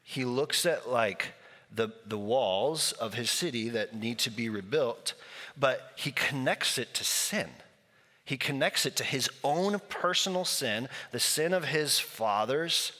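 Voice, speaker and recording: Male pastor, conversational storyteller, bright tone, echoing church hall. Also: medium pitch, lively intonation, takes it slowly. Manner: conversational, storytelling with acted quotes. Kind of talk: sermon. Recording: long hall reverb.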